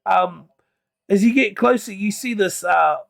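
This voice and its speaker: Casting: male game master, high gravelly voice, hesitant narration over faint music. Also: measured pace, fairly bright tone. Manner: hesitant, many ums and restarts.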